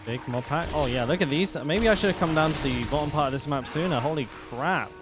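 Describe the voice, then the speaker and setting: A man's voice: a little high, brisk, music in the background. Chatty man streaming a game. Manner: chatty, swears, thanks chat viewers. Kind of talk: casual gameplay commentary.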